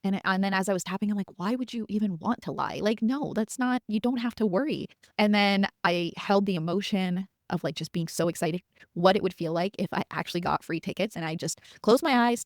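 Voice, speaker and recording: At normal speed and a mid-range pitch, a woman in her thirties hosts a podcast and tells a story from her own life. Her casual storytelling is chatty, punctuated by laughs and by quotes of what went through her head. The studio recording is dry.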